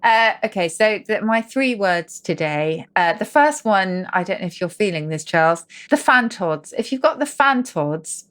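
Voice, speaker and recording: A middle-aged woman co-hosting a casual podcast, explaining where words come from with lively asides. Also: medium pitch, normal speed, few pauses, smooth. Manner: animated, explains word origins with asides. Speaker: co-host.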